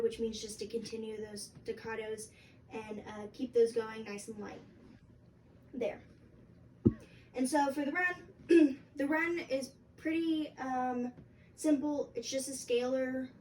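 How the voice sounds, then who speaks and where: A young woman explaining a flute part in a casual, halting way with many fillers. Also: fairly high pitch, darkish tone. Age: young adult. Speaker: flute teacher. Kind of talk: instructional music lesson. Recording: distant mic with faint background noise.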